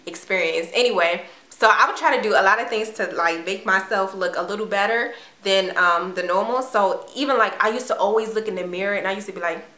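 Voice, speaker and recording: A young woman from Washington, D.C., telling a personal story in a chatty, animated way with casual slang. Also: medium pitch, a little fast, hardly any pauses. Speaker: vlogger. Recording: echoey room.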